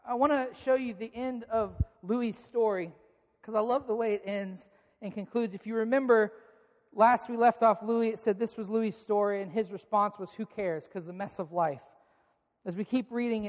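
A man preaching a sermon to a live congregation, playfully coaxing them to clap and repeat phrases back. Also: very high-pitched. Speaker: pastor. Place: large church auditorium with a live congregation. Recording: long reverb of a large hall.

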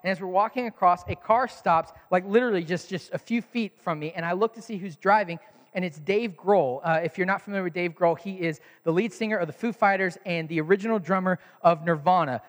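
A man's voice: sits high, a little fast, big-room sound. A man preaching a sermon as pastor, telling stories and acting out quotes. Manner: animated storytelling, acts out quotes.

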